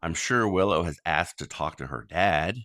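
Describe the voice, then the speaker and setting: A man's voice: deep voice, normal speed, bright, forceful tone, no room sound, clean studio sound. A man speaking as a father making a public plea to listeners, blunt and indignant, with many ums and some swearing. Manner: indignant, complaining. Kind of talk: monologue to listeners.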